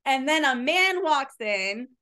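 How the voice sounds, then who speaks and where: A woman's voice: sits high, animated, takes it slowly, pushed and bright. A woman casually retelling a book's plot on a podcast, rambling and filling her talk with "like". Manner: chatty, rambling, heavy use of "like", casual swearing. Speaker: podcast co-host reviewing books. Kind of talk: casual book recap.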